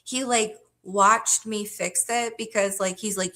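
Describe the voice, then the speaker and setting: A woman's voice: mid-range voice, steady tone, measured pace, hardly any pauses, fairly bright tone. Rambling, swearing woman telling a story. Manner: rambling, profane, laughs often, lots of fillers. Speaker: livestream host. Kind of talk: casual storytelling to a live chat.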